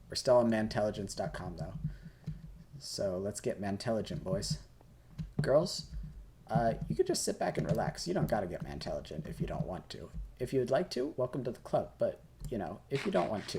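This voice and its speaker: A man's voice: fairly low pitch, darkish tone, slight background noise. Tipsy young man rambling over clicking keys. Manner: rambling and jokey, swears casually. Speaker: gaming host. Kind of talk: casual Q&A while playing a game. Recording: keyboard and mouse clicks behind.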